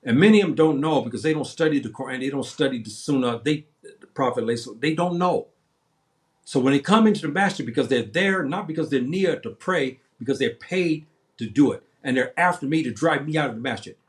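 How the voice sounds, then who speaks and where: A man's voice: medium pitch, lively intonation, brisk. Man, 70s, livestream host; impassioned rambling monologue, repetitive, many restarts.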